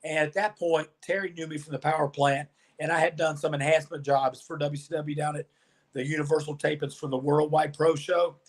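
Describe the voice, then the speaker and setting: A middle-aged man who was once a wrestler speaks a little fast in a slightly high voice. As an interview guest he tells long stories with animation, performing the lines others said.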